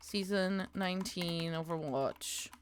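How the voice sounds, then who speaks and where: A woman game streamer chatting casually with her viewers, bubbly and quick to laugh, calling people darling. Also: on the low side. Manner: bubbly, bursts into loud panicked squeals and laughter. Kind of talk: casual live-stream chat.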